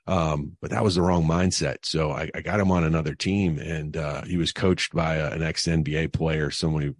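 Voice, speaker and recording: A middle-aged financial advisor guests on a podcast, rambling casually and telling stories with enthusiasm and lots of fillers. His voice is a rumbling low with fairly even intonation at a moderate pace, recorded dry.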